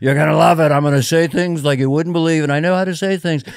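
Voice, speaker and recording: A man's voice: on the high side, steady tone, fast talker, creaky, clean tone, no room sound, studio quality. A man doing an impression of a boastful male president who repeats promises. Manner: boastful, repetitive, salesy.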